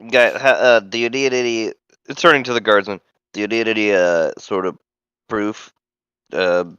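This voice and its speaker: Hesitant low-voiced man on lo-fi mic. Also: steady tone, moderate pace, fairly bright tone, clear, resonant tone, dry recording. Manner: hesitant, lots of uh and like. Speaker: tabletop game player. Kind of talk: casual online game chat.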